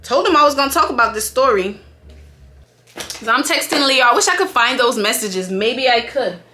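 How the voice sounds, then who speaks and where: High, bright-voiced woman telling a story. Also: lively intonation, moderate pace, a little hiss or hum. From Jamaica. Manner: candid, chatty, profane. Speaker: vlogger. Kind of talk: casual story time.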